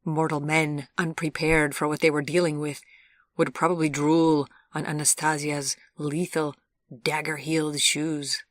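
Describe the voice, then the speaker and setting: A woman narrating an audiobook in a calm, even storytelling manner. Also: low-pitched, measured pace, dry recording, studio quality. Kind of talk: scripted narration.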